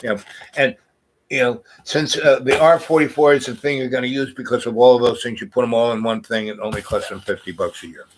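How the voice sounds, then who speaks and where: A man's voice: mid-range voice, steady tone, fairly quick, slight background noise, poor audio. Rambling man telling a long story. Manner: meandering, many fillers and restarts. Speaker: vlog host.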